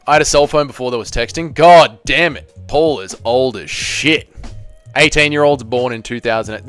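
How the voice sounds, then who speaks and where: A man's voice: fairly low pitch, a bit bright, smooth. An Australian man in his thirties hosting a casual livestream watch-along, bantering with chat in a profane, joking way. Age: 30s. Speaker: livestream host. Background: faint background music.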